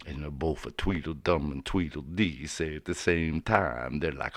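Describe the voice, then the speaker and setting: A man's voice: very deep voice, moderate pace, hardly any pauses, no room sound. A man telling a story in a laid-back, slangy, rambling way, recorded in a studio. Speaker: narrator. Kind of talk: casual spoken storytelling over music.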